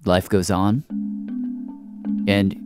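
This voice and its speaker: A man's voice: deep voice, little pitch movement, very slow, over music. A man hosting a radio documentary, summing up the story in a conversational way. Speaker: radio host. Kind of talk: scripted radio narration.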